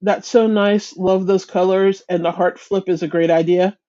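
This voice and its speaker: A woman's voice: on the low side, fairly even intonation, normal speed, dark tone, highs cut off. A woman hosting a casual crochet chat livestream, greeting viewers by name, chatty and self-deprecating, often restarting her sentences. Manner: frequent restarts and stumbles.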